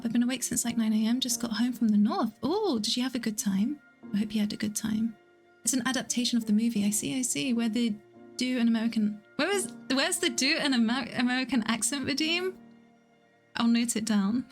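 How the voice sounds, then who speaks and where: A young woman hosts a relaxed livestream from home. She keeps up a chatty back-and-forth, reading viewers' messages out and answering them with quick giggles. Her voice sits slightly high, with quiet music playing in the background. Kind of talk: casual livestream chat.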